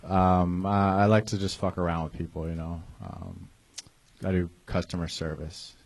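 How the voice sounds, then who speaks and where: Low-voiced deadpan young man. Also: gravelly. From Ohio. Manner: flat, halting deadpan with many "uh"s. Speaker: comedy show guest. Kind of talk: casual chat on stage. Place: comedy club stage.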